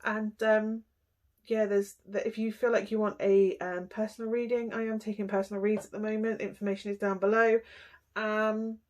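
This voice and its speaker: A young woman talks through a tarot reading in a casual, chatty way. Her voice sits at an ordinary middle pitch, and she breaks in with little sighs and gasps as she goes. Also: flat delivery, moderate pace. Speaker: tarot reader.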